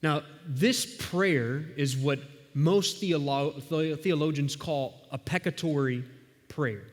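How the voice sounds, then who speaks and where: A man's voice: fairly high pitch, slow pace. Conversational male pastor preaching. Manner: conversational, animated storytelling. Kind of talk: sermon. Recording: long reverb of a large hall.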